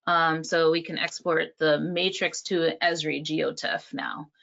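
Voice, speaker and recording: A woman presenting software features in a casual walkthrough, hesitant with frequent ums. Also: sits low, little pitch movement, a little slow, creaky. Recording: dull lo-fi sound.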